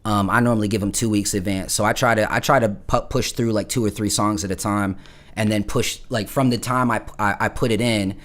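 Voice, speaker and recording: A man's voice: on the low side, fairly even intonation, a little fast, fairly bright tone. Casting: a man from Florida, loose musician hosting a livestream, swears a lot, rambles, calls everyone bro. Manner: rambling, profane storytelling, full of "bro". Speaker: musician streaming live. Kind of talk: casual livestream chat.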